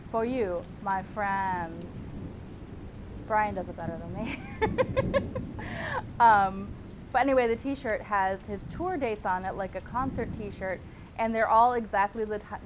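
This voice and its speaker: Female host, mid-pitched, wry and self-mocking, casual stream chat. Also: background noise.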